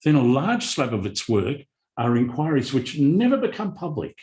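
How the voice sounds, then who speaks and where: A middle-aged Australian man speaking bluntly as a guest on a live panel, telling animated stories. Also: medium pitch, normal speed. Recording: echoey event room.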